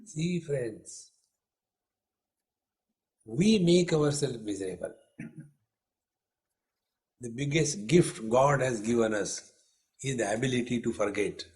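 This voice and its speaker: A man's voice: medium pitch, animated, takes it slowly, pauses often, darkish tone. Male spiritual teacher, older, playful discourse with humorous stories. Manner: playful, teasing, acts out dialogue in stories. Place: lecture hall.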